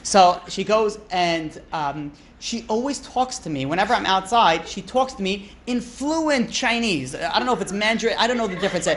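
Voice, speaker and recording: A man's voice: high-pitched, expressive, normal speed, few pauses, a bit bright. A man, a rabbi, teaching an informal class in a chatty, joking way, often asking "right?" and "you know".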